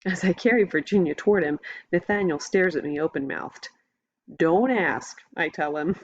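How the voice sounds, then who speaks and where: A woman narrating a novel in the first person, in a steady, measured reading voice. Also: on the low side. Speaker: audiobook narrator. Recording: dull lo-fi recording.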